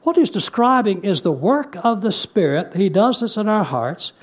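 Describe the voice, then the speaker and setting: A preacher delivers a sermon in a high, husky voice with big pitch swings, earnest and emphatic. He slows to stress key phrases, then slips into plain conversational asides, and the recording sounds dull and lo-fi.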